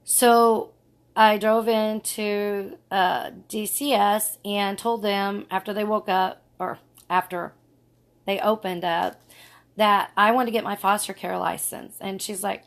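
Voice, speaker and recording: A woman's voice: medium pitch, fairly even intonation, slow pace, creaky. A middle-aged woman vlogging casually, telling a personal story in an earnest, rambling way.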